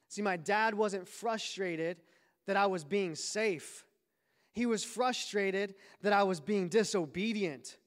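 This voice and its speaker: A man's voice: high-pitched, animated, a little slow. A man preaching a sermon, telling a personal story in a conversational way before building to a fervent exhortation. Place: large church hall. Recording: reverberant church hall.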